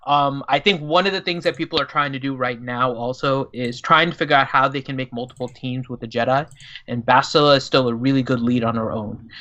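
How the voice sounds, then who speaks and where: A man's voice: mid-range voice, fairly quick, pushed and bright, lo-fi sound. A man co-hosting a casual gaming livestream, reading viewer questions and sometimes talking like a pirate. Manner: reads questions in a playful pirate voice. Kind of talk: casual livestream chat, mock pirate talk.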